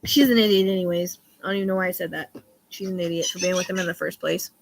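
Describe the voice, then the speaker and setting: A woman's voice: on the low side, fairly even intonation, fast talker, creaky, slight background noise. A woman in her thirties chatting casually on a livestream, rambling and swearing now and then. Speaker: livestream host.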